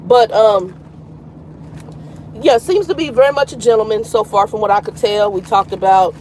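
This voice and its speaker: Sitting in her truck cab at a terminal, a truck driver in her fifties speaks frankly on a laid-back live stream, welcoming viewers by name. Her medium-pitched voice has a darkish tone and a moderate pace, captured in a rough recording with a little hiss or hum.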